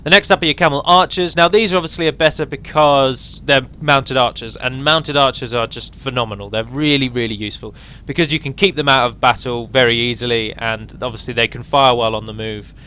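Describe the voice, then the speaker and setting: A man's voice: medium pitch, steady tone, brisk, hardly any pauses, bright, forceful tone, smooth. A man giving a casual, rambling walkthrough of a strategy game mod, with frequent ums and restarts.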